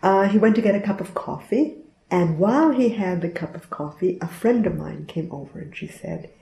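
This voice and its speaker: Older woman telling a story, gravelly. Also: medium pitch, expressive, normal speed, dark tone. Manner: earnest, reflective, plainspoken. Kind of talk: personal storytelling. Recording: roomy echo.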